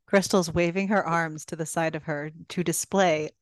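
A woman co-hosting a book club podcast, chiming in with quick, playful asides during a casual recap. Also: lowish voice, fairly even intonation, no room sound.

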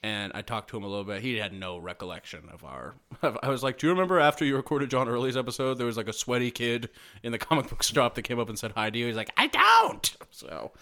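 A man hosting a podcast, telling a long anecdote in an excitable, rambling way. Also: mid-range voice, fast. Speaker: podcast host. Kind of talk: casual chat.

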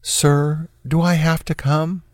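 A man's voice: fairly high pitch, level tone, takes it slowly, a little mellow, dry recording, clean studio sound, pitched above the performer's own voice. A man voicing a frightened, submissive young woman with a timid, pleading, apologetic manner, in a read-aloud true crime story. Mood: fearful pleading.

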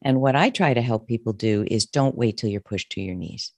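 Middle-aged woman guest, therapist type, heartfelt and expressive storyteller, dry close mic. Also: very deep voice, brisk, no echo. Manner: emotional, expressive, restarts often. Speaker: therapist and coach, author. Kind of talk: candid interview storytelling.

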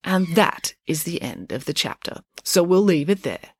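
A woman narrating a book chapter aloud in a calm, even way. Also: lowish voice, moderate pace, breathy edge, dry recording, studio quality. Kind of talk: storybook reading.

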